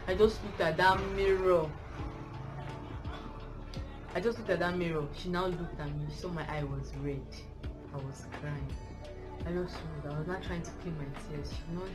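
A woman's voice: on the low side, normal speed. A woman with a Nigerian accent telling a personal story in a vlog, rambling and correcting herself as she goes. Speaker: vlogger. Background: music.

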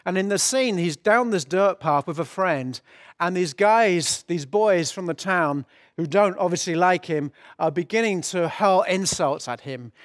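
A man's voice: high-pitched, unhurried, no room sound, studio quality. A man preaching a sermon as pastor, earnest and explanatory, often restarting his phrases.

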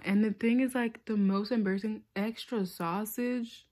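Vlogger, young woman, chatty storyteller with dramatic asides and quick whispers. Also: mid-range voice. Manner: animated, laughing, dramatic, drops to whispers. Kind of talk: casual storytime chat.

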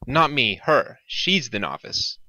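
A man's voice: medium pitch, very animated, takes it slowly, sharp tone, pitched above the performer's own voice, heavily acted. A man reading the part of an irritable, sardonic famous musician with a snappish, dry delivery.

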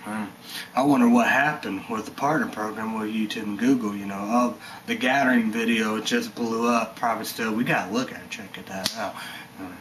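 A man's voice: lowish voice, fairly bright tone, slight background noise, poor audio. A man giving a rambling, heated vlog rant, swearing and leaning on "you know" and "stuff like that". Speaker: energy drink reviewer vlogger.

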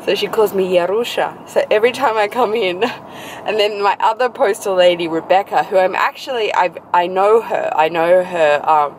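A woman in her thirties chatting casually to camera as a vlogger, rambling with quick asides, filmed on a handheld phone inside a car. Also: medium pitch, poor audio. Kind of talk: casual vlog chat to camera. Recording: steady background noise.

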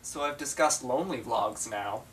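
A young man talks to the camera in a playful comedy vlog, bickering with an imagined double and sometimes pitching his voice up. His voice sits at an ordinary pitch. The mic is set back from him, with faint noise behind. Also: moderate pace, fairly bright tone, recorded from a distance. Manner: playful, bickering with himself, jumps into higher voices. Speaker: vlogger.

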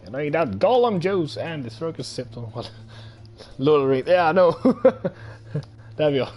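A man giving casual, excitable gameplay commentary, thinking aloud and swearing often, his throat a little strained. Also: on the high side, a little slow. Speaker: gaming let's-player.

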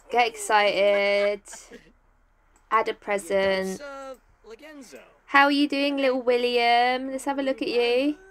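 A young-sounding English woman with a high, bright voice narrates her game session from home, gushing over and cajoling her little virtual family. Her talk is casual and bubbly, with soft music playing quietly underneath. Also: takes it slowly, pauses often. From England. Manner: chatty and excitable, coaxing her game characters. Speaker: gaming YouTuber. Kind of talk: casual let's-play commentary. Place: home, top-floor flat.

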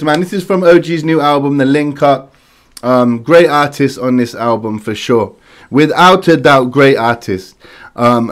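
A man, hosting a music reaction and talking casually with lots of slang, quick to get excited. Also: mid-range voice.

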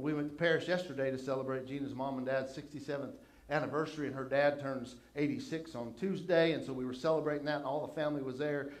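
An older man, preaching a sermon and telling folksy stories about his family in a conversational way. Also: medium pitch. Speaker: pastor. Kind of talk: sermon storytelling.

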